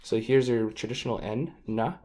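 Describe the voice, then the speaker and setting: A man teaching the sounds of an Indigenous language in a relaxed, informal lesson. He talks casually, jokes about himself and demonstrates each sound syllable by syllable. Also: medium pitch, a little slow.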